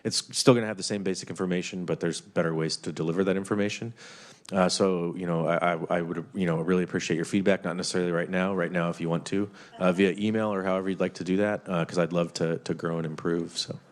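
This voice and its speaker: A man with a very deep voice walks lawmakers through a basic IT training. He speaks haltingly, full of fillers and restarted phrases. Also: steady tone. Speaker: IT trainer presenting to committee. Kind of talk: committee presentation.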